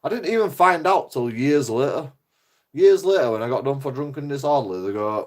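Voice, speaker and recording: A man's voice: mid-range voice, brisk. Swearing man in his thirties. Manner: swearing heavily, animated, indignant. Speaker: channel host. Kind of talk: casual storytelling.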